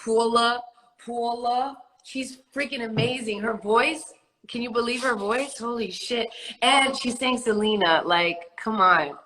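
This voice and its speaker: Bright-voiced New York woman hosting. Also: a little high, a little slow, rough recording. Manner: chatty, loose, laughs often. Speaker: host. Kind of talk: casual livestream chat. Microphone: phone on a livestream video call.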